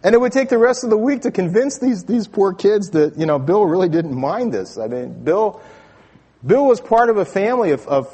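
A man's voice: on the high side, darkish tone, slightly rough. A man preaching a sermon in a church, telling stories in a conversational way with frequent restarts. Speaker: pastor. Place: church sanctuary. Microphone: stage microphone with sound booth. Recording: long church reverb.

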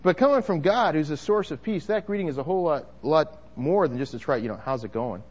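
A man's voice: fairly high pitch, animated, fast, darkish tone, muffled recording. A man preaching a sermon to a congregation, emphatic, with frequent restarts and repeated words. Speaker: pastor.

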